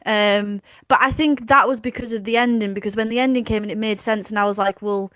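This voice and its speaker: A woman's voice: a little high, fairly even intonation, fast, fairly bright tone, dry recording, studio quality. A woman co-hosting a podcast, reviewing bluntly and casually, swearing freely. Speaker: podcast co-host.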